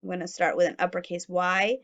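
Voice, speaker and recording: A woman teacher giving a phonics lesson to young children, sounding out letters slowly and clearly. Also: on the low side, level tone, lo-fi sound.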